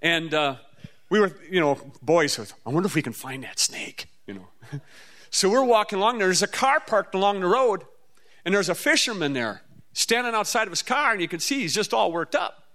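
A man from the Midwestern US, preaching a storytelling sermon in a folksy, animated way with sudden jumps up in pitch. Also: moderate pace. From Midwestern US, near the Mississippi River.

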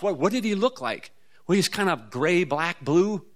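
This male preacher from the Midwest, near the Mississippi River, has a voice a touch higher than most and delivers a storytelling sermon at a moderate pace. He's a folksy, animated storyteller who leaps up in pitch for effect in sudden high bursts.

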